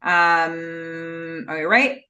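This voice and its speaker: A woman co-hosting a podcast, chatting casually about a TV episode and acting out the characters' lines in quick bursts. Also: sits low, fairly even intonation, sharp tone, dull audio. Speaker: podcast co-host. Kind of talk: casual TV recap chat.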